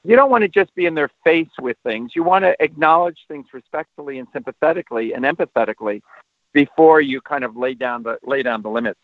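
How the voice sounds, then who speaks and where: A man's voice: medium pitch, fast talker, no room sound. Earnest man on a tinny phone line. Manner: earnest, animated when demonstrating how to talk to kids. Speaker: parenting expert guest. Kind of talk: explanatory interview answers.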